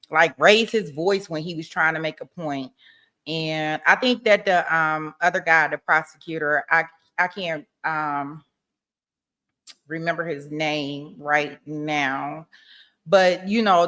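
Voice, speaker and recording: A woman's voice: lowish voice, steady tone, unhurried, sharp tone. Chatty woman commenting live on a trial. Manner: chatty, laughs often, talks to viewers.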